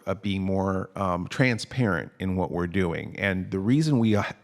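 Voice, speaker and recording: A man hosting a casual podcast, rambling and joking as he thanks supporters by name. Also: lowish voice. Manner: rambling, self-deprecating, thanks listeners warmly by name. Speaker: podcast host.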